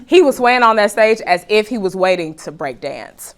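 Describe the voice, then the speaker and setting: A woman's voice: medium pitch, expressive, normal speed. A woman hosting a talk show, delivering a joking comedic monologue to a live studio audience and calling them y'all.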